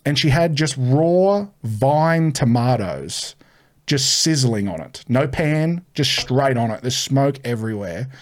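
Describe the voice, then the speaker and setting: A man's voice: mid-range voice, animated, slow. A man telling a rowdy story on a comedy podcast, swearing freely and dropping his voice to quote people. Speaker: comedian guest. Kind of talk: casual storytelling.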